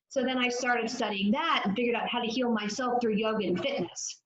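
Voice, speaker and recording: A woman's voice: a little high, fairly quick, hardly any pauses. A woman guest on a podcast, explaining addiction with confidence. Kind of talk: podcast interview. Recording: echoey room, dull lo-fi sound.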